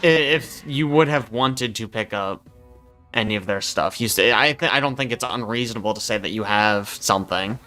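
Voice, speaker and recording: A man narrating as game master of a tabletop game, often pausing with fillers. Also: lowish voice, faint music behind. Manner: bright, lively, often hesitant with fillers.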